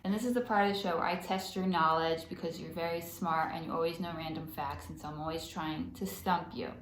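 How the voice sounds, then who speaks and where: A woman's voice: low-pitched, flat delivery, brisk. A young woman, a comedian hosting the show, quizzing her father with playful, teasing banter. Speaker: comedian host. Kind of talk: comedic interview. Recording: roomy echo.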